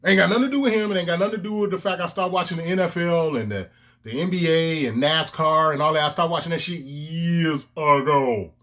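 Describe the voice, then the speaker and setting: A man's voice: a little high, fairly quick, fairly bright tone. A man ranting to his own camera in heated, profane commentary, with emphatic outbursts. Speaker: vlogger. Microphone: camera lens, self-recorded.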